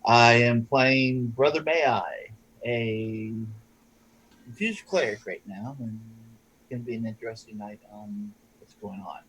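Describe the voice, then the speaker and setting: A man's voice: mid-range voice, measured pace, a bit bright, rough recording. A man introducing himself as a player in a tabletop game, laid-back and apologetic. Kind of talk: casual chat on a live stream. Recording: faint background noise.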